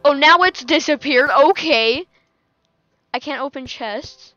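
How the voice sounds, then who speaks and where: A woman's voice: sits high, unhurried, a bit bright, highs cut off, soft background music. A woman giving casual gameplay commentary, chatting to herself and laughing often as she plays. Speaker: gaming channel host.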